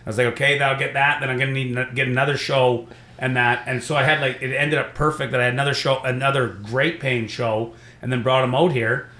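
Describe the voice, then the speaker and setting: A man's voice: medium pitch, fast talker. A man, a stand-up comedian, telling stories in casual chat and acting out other people's voices. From Canada. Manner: animated storyteller, acts out voices of others. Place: podcast studio. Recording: roomy echo.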